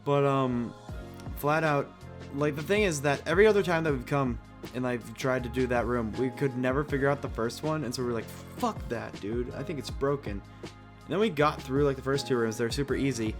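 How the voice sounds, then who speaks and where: A young man co-hosting a podcast, excitable and laughing often as he tells stories and swears in casual chat. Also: medium pitch, a little fast, over music. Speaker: podcast co-host.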